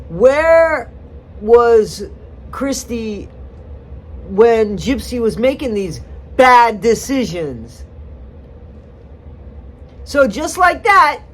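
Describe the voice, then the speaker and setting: A woman's voice: a little high, big pitch swings, drawn-out words, pauses often. A woman giving casual, rambling commentary on a TV clip, chatty with sarcastic asides. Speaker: commentary vlogger.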